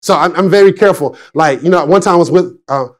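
A man in his forties, a pastor preaching a sermon, telling stories with frequent laughs and swinging between excited and hushed delivery. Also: high voice, fast talker. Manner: chatty storytelling with frequent laughs. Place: church service.

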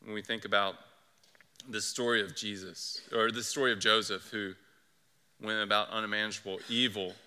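A man's voice: on the low side, steady tone, moderate pace, sharp tone, clean tone, big-room sound. A male pastor preaching a sermon in an earnest, conversational way. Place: church sanctuary.

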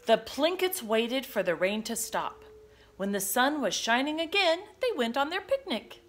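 Woman narrator for a kids' picture book, expressive and sing-song. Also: high voice, unhurried, slight background noise. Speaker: storybook reader. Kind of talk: children's read-aloud narration.

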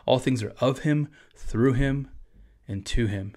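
A man's voice: on the low side, normal speed, darkish tone. A man, a pastor, teaching about a church confession of faith in a casual, conversational way with asides.

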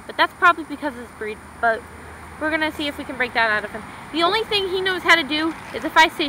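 A woman's voice: high-pitched, fast talker, pushed and bright, a little hiss or hum, rough recording. A young woman in a casual home vlog, chatting to the camera while she trains her dog, with short firm commands and sing-song praise.

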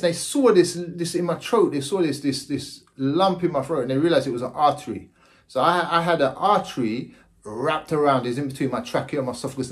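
A man in his forties casually telling his own story to camera, repeating himself and often checking in with the listener. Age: 40s. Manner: animated, jumps into high exclaiming voices. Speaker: vlogger.

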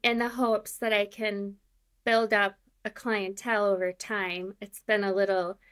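A woman's voice: mid-range voice, little pitch movement, a little slow, fairly bright tone, smooth. A woman in her forties with a Minnesota accent, chatting as an interview guest in a self-deprecating way with many fillers. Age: 40s. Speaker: guest, candle maker. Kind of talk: casual interview.

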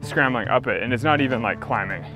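A man's voice: mid-range voice, quick pace, lo-fi sound, over music. A man leading a mountain hike, chatting casually and joking dryly, recorded outdoors. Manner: dry joking, easygoing. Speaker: guest climber leading the hike.

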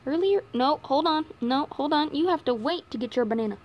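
Chatty young woman with a bright, high voice. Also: animated, brisk. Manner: chatty, coos and scolds pet bunnies in a high sing-song voice. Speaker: vlogger. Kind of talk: casual vlog talking to pets and viewers. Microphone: handheld camera set on her knees.

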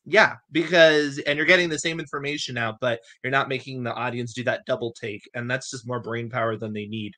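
A man with a mid-range voice and a bright, forward tone talks through his thoughts on writing. He reasons out loud, building his point with examples in an easy conversational way. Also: mid-range voice, fairly even intonation, a little fast, few pauses, no room sound. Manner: conversational, thinks aloud with examples. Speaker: co-host of a writing advice show. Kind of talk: casual discussion on editing fiction.

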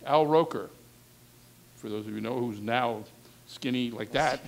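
In a gravelly mid-range voice at normal speed, a talent coach teaches a reporting class. His instruction is frank and conversational, with candid side remarks.

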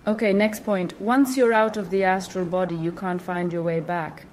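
A woman's voice: lowish voice, steady tone, normal speed, darkish tone. A woman hosting a spiritual channel, explaining things in a casual monologue with emphatic repetition and awkward phrasing.

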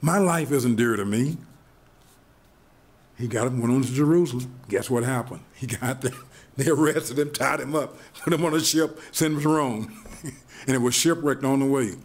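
A man preaching a sermon, retelling stories in an animated way, chuckling often and restarting his sentences. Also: mid-range voice, a little fast. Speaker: pastor.

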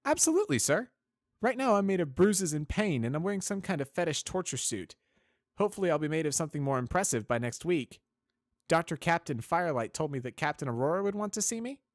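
A man doing a brash young pegasus mare, high and wry. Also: sing-song, fast, no echo, studio quality. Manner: sarcastic, pained and plucky.

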